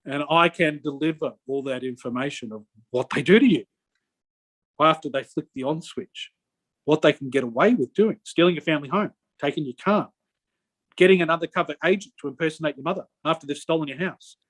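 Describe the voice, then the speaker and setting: A man's voice: a little high, dry recording. A middle-aged man giving a rambling interview account, stopping and restarting often. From Australia. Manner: rambling, halting with many restarts. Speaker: interview guest. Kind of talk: conversational personal account.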